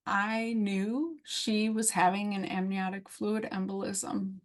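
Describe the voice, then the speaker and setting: A woman podcast host and physician giving a heartfelt devotional talk, emotional and unhurried. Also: mid-range voice, fairly even intonation. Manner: emotional, slow and heartfelt with bursts of speed.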